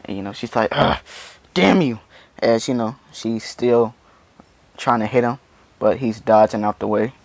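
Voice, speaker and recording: Low gravelly guy rambling thru a fan story, lots of you knows. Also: flat delivery, moderate pace, darkish tone, dry recording. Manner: rambling, full of "you know" fillers. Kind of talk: casual fan-story retelling.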